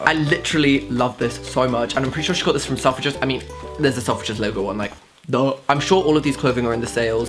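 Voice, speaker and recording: Brief: camp young vlogger, sassy asides, squeals, music bed underneath. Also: male voice, mid-range voice, fast talker. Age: young adult. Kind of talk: casual haul vlog. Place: bedroom with studio light. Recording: music playing behind the voice.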